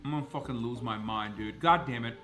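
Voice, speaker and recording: A man's voice: medium pitch, brisk, a bit bright, faint music behind. A man streaming live, ranting heatedly at his chat and swearing freely. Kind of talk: livestream reaction rant.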